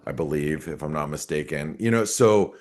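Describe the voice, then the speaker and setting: A man's voice: very deep voice, normal speed, darkish tone. A man who is a trading analyst talking through charts on a live market webinar, rambling and cutting himself off, with dry sarcastic asides.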